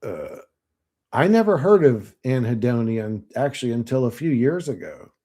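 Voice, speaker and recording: Florida man, late 30s, channel host, loose profane rambling, mid-pitched voice. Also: sing-song, normal speed, mellow, slightly rough. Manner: rambling and profane, with frequent fillers and laughs. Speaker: channel host reading viewer comments. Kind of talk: casual rambling monologue.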